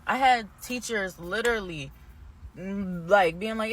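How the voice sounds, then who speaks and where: A woman's voice: mid-range voice, measured pace, a little hiss or hum. A young woman vlogging, telling a personal story in a rambling, candid way, often indignant. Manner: grows heated and indignant. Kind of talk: casual storytime monologue.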